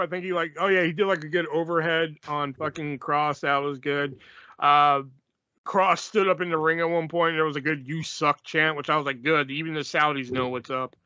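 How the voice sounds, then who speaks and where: A man's voice: on the high side, pushed and bright, smooth, no echo, lo-fi sound. A man co-hosting a podcast in casual chat, sarcastic and profane, often laughing. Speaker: podcast co-host.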